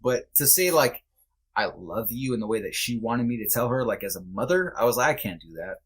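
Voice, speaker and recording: Speaking as a podcast guest, this man is candid and reflective, his earnest, halting sentences frequently restarting. He has a medium-pitched, fairly bright voice with lively intonation.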